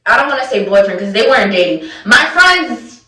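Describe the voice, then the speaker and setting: A young woman telling a personal story in a casual, slangy, animated way, acting out her own reactions. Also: on the high side, brisk, distant mic. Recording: echoey room, voice away from mic.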